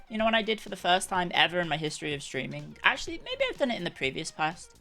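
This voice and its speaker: A woman's voice: lowish voice, expressive, racing, gravelly, hardly any pauses, pushed and bright, soft background music. A young woman chatting casually on a live stream, rambling and correcting herself as she goes.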